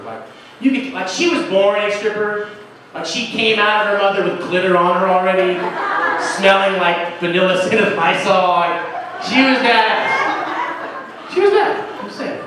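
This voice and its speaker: High-voiced man in his forties doing stand-up. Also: expressive, normal speed. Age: 40s. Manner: self-deprecating storytelling. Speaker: stand-up comedian. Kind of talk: stand-up comedy set. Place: comedy club stage. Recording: echoey club from far off, noisy.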